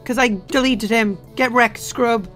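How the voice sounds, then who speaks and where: A young man with a sore, tired voice, chatting jokily as he plays a game and sometimes shouting. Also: very high-pitched, fairly even intonation, a little slow, faint music behind. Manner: chatty, jokey, bursts into shouting. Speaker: let's play host. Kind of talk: casual gameplay commentary.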